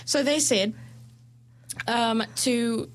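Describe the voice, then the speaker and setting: A young woman talking casually with a friend, her voice sitting a little high. She rambles in an easy way, scattering "like" through her sentences and laughing now and then. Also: very slow. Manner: chatty, heavy use of "like", laughs easily. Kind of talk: casual chat.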